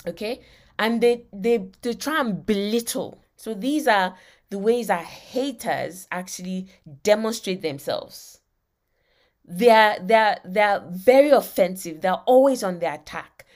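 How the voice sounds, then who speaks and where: A woman's voice: mid-range voice, animated, slow pace. A woman preaching a sermon, emphatic and often asking her listeners whether they understand.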